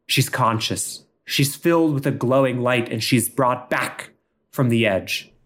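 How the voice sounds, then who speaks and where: Male improv podcast host, animated, theatrical narrator. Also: medium pitch, unhurried. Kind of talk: improvised comedic storytelling.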